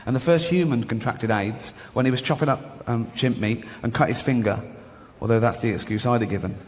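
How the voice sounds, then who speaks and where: A man performing a stand-up routine, deadpan storytelling with acted-out dialogue. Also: medium pitch, fairly quick. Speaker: stand-up comedian. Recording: reverberant venue, faint noise.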